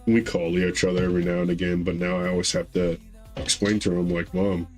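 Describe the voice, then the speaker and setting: Man, thirties, low voice, rambling storyteller, podcast chat. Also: little pitch movement, quick pace, faint music behind, poor audio. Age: 30s. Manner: rambling, acts out quotes with raised pitch. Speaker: podcast co-host.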